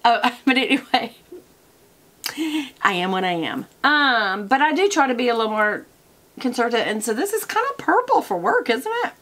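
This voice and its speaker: A woman's voice: on the high side, big pitch swings, moderate pace, a bit bright. Chatty woman rambling at her desk. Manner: chatty, wanders off on tangents, many fillers. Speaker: product review vlogger. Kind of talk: casual rambling to camera.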